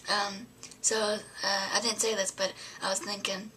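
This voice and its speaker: A woman's voice: medium pitch, level tone, moderate pace, pushed and bright, slight background noise. Young woman rambling with whispered asides. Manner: rambling, full of fillers, often drops to a whisper. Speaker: vlogger. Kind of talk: casual storytelling to camera.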